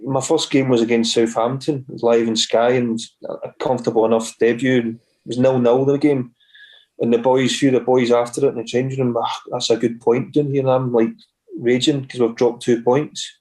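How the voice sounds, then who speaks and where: A man's voice: mid-range voice, flat delivery, a little fast, mellow. A Scottish man in his forties, a former footballer guest, telling rambling stories with restarts. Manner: rambling anecdotes with many restarts and acted quotes. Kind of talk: casual storytelling.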